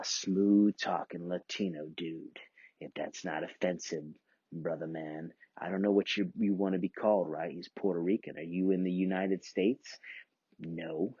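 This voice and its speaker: A man's voice: low-pitched, darkish tone, slightly rough, no echo, lo-fi sound. A man hosting his own podcast, rambling casually and profanely and chuckling often between thoughts. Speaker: podcast host.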